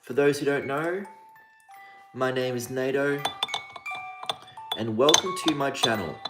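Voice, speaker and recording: Laid-back stream host, unhurried, rhyming sing-song delivery, music loud behind. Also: medium pitch. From Australia (Victoria). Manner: sing-song rhyming patter, greets chatters by name. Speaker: livestream host. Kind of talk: casual livestream chat. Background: music playing.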